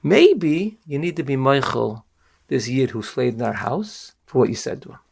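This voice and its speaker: A man voicing a calm wife gently coaxing her husband. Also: medium pitch, normal speed, vocal fry.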